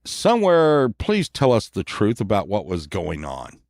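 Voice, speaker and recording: A man playing a police officer, speaking slowly and formally in a lowered voice. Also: wildly swooping pitch, vocal fry, darkish tone, dry recording, studio quality, heavily acted. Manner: slow, formal questioning. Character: deep-voiced police officer questioning a boy.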